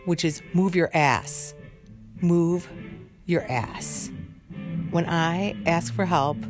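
Overtired woman, low voice, profane exasperated rant, guitar music underneath. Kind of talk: casual ranting monologue.

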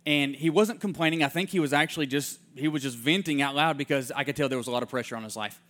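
A man preaching in a storytelling way. He acts out the people he quotes, and his voice drops soft and hushed in heartfelt moments. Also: medium pitch, quick pace. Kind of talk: sermon storytelling.

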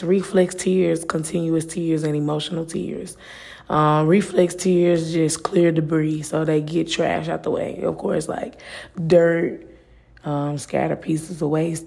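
Podcast host: a woman with a low, gravelly, flat voice, earnest and personal, casual faith talk. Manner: earnest, personal, with frequent fillers.

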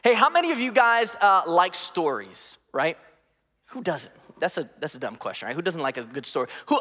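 Joking high-voiced man preaching in a reverberant hall. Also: pushed and bright. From DC area, United States. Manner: playful, joking, acts out voices in anecdotes. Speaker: guest preacher. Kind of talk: sermon. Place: church auditorium.

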